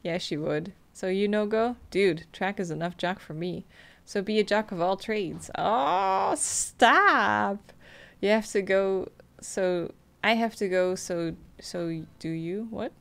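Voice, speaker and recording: Gravelly woman reading game texts aloud. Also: mid-range voice. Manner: reads on-screen text messages aloud in a flat, quick way, with frequent laughs. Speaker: gameplay streamer. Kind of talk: casual let's-play commentary.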